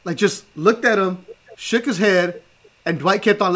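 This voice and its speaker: High voice guy, ex athlete, blunt, animated, keeps clearing his throat. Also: fast. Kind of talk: casual chat.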